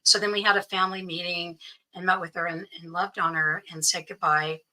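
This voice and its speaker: Bright-voiced woman telling her story. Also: on the low side, steady tone, brisk, rough recording. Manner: earnest, quotes others' speech as she tells it. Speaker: interview guest. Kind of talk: personal storytelling.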